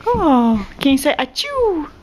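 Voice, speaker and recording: A woman's voice: high voice, big pitch swings, slow, heavy background noise. A mother talking patiently in baby talk, prompting her toddler to copy animal sounds. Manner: sing-song, patient prompting.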